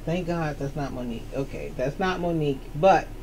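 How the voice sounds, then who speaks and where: A woman's voice: deep voice, brisk, a little mellow, slight background noise. A woman hosting a casual book chat, talking in a chatty, sassy way and laughing often. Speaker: host of a book chat show.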